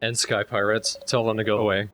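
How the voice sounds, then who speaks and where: A man's voice: on the low side, a little fast, a little hiss or hum. A man hosting a let's play, cracking jokes and explaining what happened in the game. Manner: wisecracking, deadpan jokes, explains mechanics. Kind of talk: casual gameplay commentary. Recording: game music in background.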